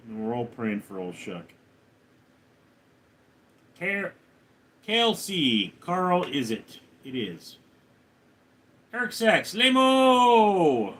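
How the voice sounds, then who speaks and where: A man live streaming, reading viewers' names and questions aloud and answering them in a lower, quieter tone. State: recovering from a hospital stay. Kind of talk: casual live stream chat.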